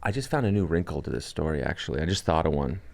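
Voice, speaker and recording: A man's voice: very deep voice, lively intonation, quick pace, vocal fry. A man, a comedian guest, telling a story in casual podcast chat, rambling and chuckling with lots of restarts. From Canada.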